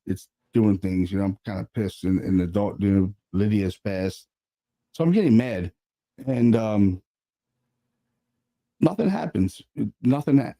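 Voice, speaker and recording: A paranormal investigator, male and a bit low-voiced, chats casually about an investigation. He's animated as he goes, throwing in profanity and plenty of filler words.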